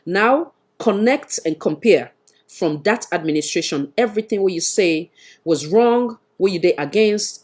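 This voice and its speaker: A woman's voice: lowish voice, a little mellow. Insistent Sierra Leonean woman host. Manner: insistent, presses the guest with repeated questions. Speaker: talk show host. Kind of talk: live panel discussion.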